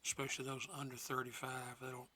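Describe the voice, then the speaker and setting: A man's voice: mid-range voice, monotone, fast talker, sharp tone, slight background noise. Folksy man in his sixties. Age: 60s. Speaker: guest co-host. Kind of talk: casual chat.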